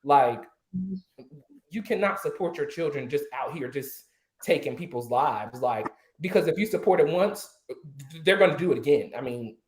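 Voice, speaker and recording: A man's voice: on the high side, lively intonation, moderate pace. A man on an online panel, ranting in heated indignation and firing off rhetorical questions. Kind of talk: impassioned online panel talk. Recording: roomy echo.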